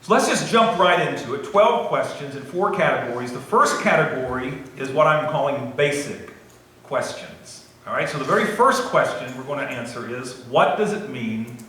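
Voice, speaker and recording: A man's voice: mid-range voice, lively intonation, moderate pace, sharp tone. A man preaching a sermon as pastor, conversational and joking with the congregation, in a church sanctuary. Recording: echoey church hall, faint noise.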